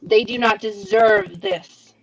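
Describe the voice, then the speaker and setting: A woman's voice: on the high side, lively intonation, slow pace, dull audio. A woman playing an earnest adventurer woman who speaks in a solemn, firm way. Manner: solemn, pleading. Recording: voice off-mic at a distance.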